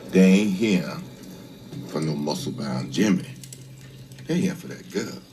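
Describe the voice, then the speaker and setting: Brief: scheming older house servant, drawl, lively low pitch, film audio. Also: male voice, unhurried, slight background noise. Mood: commanding. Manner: drawling, sly, abrupt shifts in pitch. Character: scheming old male house servant, sly and commanding.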